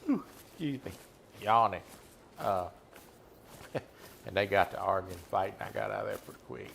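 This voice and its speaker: A man's voice: fairly low pitch, lively intonation, measured pace, creaky, fairly bright tone, slight background noise. A man streaming a hunting game, chatting and teasing viewers in a laid-back way. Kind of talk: casual gameplay chat with viewers.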